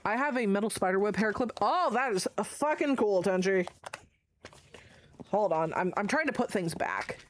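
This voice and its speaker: A woman's voice: medium pitch, expressive, moderate pace, slight background noise. A woman streamer chatting casually and rambling as she shows items to her live chat, swearing freely. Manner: chatty, profane, rambling show-and-tell. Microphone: desk mic.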